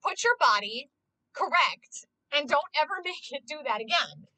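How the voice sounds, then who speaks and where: A passionate woman ranting on a live stream, full of swearing and "like". Her voice sits high and bright and swoops about with big energy, with a dry sound. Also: moderate pace, no room sound, low-quality recording. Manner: excitable, swears a lot, heavy use of "like". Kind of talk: casual live-stream chat.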